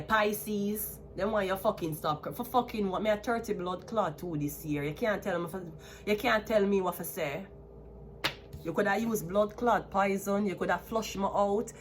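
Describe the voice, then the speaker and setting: Talking to camera in a defiant rant heavy with profanity, this Jamaican tarot reader in her thirties slips between patois and English. Her voice is mid-range, and there's a little hiss or hum on the recording.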